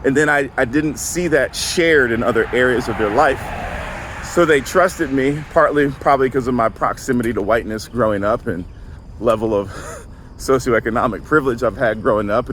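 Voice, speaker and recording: Walking outside, this Southern man in his forties talks at medium pitch, fairly quick and a bit bright, over slight background noise. He's a counselor and vlogger with a Southern accent, giving a reflective monologue in an earnest, conversational way and checking in often.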